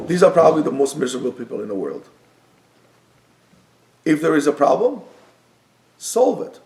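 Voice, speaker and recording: Male rabbi, sermon class, gravelly higher voice, earnest, emphatic then hushed. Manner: earnest, swings from emphatic to soft and calm. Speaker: rabbi teaching Torah. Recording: echoey room.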